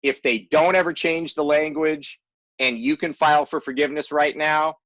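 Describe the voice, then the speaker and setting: A man's voice: a little high, steady tone, normal speed, a bit bright, dry recording. Man explaining in a dull lo-fi webinar. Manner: emphatic, rereads and stresses key phrases. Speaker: tax and loan advisor presenting a webinar. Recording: dull lo-fi webinar audio, dry.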